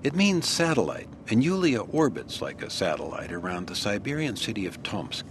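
A male radio reporter giving measured, descriptive scripted news narration. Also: lowish voice, big pitch swings, a little hiss or hum.

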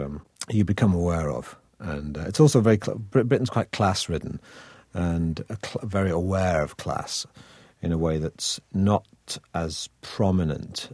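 A middle-aged man from Manchester with a softened northern English accent, chatting wryly as an actor in an interview, with many fillers and restarts. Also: rumbling low, husky, dry recording. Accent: northern English, softened toward received pronunciation. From Manchester, England. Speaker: actor guest. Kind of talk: relaxed conversational interview.

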